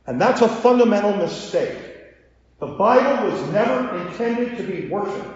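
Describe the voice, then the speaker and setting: High-voiced pastor in an echoey hall. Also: male voice, normal speed, a little hiss or hum. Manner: animated storytelling with acted dialogue asides. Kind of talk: sermon. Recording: echoey hall, dull lo-fi sound.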